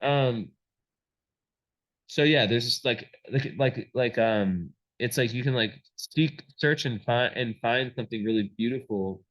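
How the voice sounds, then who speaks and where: A man's voice: medium pitch, a little slow, fairly bright tone, low-quality recording. A man giving a casual astrology reading, rambling with many fillers and restarts.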